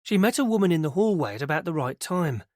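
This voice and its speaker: A man playing a brisk police detective. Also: a little high, very animated, no room sound, studio quality.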